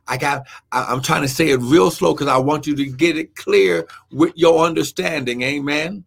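In a live-streamed sermon, a fervent preacher keeps exclaiming "amen" and "glory," chatting to viewers while he looks up his verses. His voice is a little high with vocal fry, at normal speed with few pauses.

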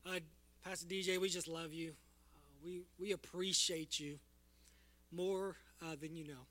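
A man in a church giving a heartfelt, halting tribute to his pastor, close to tears. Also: on the high side, steady tone, a bit bright, slight background noise. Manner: heartfelt, tearful, halting with fillers. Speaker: church leader presenting an award. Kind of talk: emotional church tribute speech. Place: church sanctuary.

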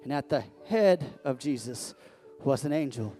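A man's voice: mid-range voice, lively intonation, measured pace, warm tone, faint music behind. A man preaching a sermon as pastor, talking conversationally and breaking into sudden emphatic rises.

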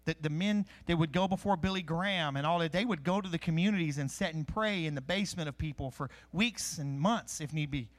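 A man preaching a sermon in a conversational, animated way, teaching from scripture with jokes and asides. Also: fairly high pitch, fairly quick, hardly any pauses. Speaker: pastor. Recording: live-streamed sermon.

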